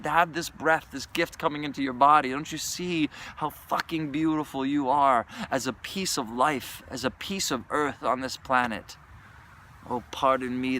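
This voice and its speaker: A man's voice: mid-range voice, bright, forceful tone, a little hiss or hum. A man speaking as a yoga teacher in an earnest, emphatic monologue, swearing freely. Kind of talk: reflective podcast monologue.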